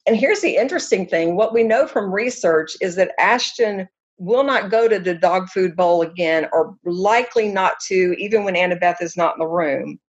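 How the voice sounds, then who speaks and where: A woman's voice: lowish voice, normal speed, muffled recording. Earnest woman counselor explaining. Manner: animated storytelling, earnest. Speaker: counselor guest. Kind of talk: conversational explanation.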